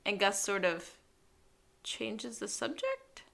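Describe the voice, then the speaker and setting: A woman co-hosting a podcast, chatting casually as she recaps a TV episode in a lively storytelling way. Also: medium pitch, takes it slowly, gravelly. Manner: lively storytelling, acting out quoted lines. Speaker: podcast co-host.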